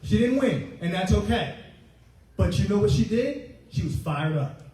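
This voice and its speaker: Joking retiring Marine, echoey ballroom. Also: male voice, sits high, animated, moderate pace, dark tone, far from the mic. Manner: joking storyteller, acts out his own past remarks. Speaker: retiring Marine master gunnery sergeant. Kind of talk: humorous ceremony speech. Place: hotel ballroom.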